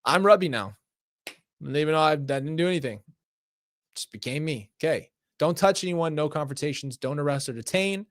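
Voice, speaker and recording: A man's voice: a little high, animated, brisk. A man streaming himself as he reads an interactive story aloud, breaking off with exasperated, laughing asides on a close mic.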